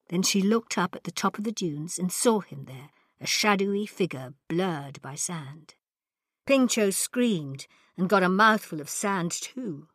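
A woman narrating a story in a dramatic, expressive reading. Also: fairly low pitch, unhurried, dry recording, studio quality. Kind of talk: scripted narration.

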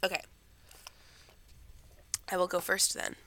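A woman's voice: fairly low pitch, fairly even intonation, slow pace, sharp tone, slight background noise. A teenage girl co-hosting a podcast, chatting in a rambling way about her week while getting over a cold. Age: teens. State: recovering from a cold. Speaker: podcast co-host. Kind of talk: casual chat.

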